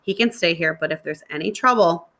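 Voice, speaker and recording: A woman's voice: on the low side, brisk, a bit bright. A woman reading the part of a tired, matter-of-fact woman who runs a group home. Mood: weary.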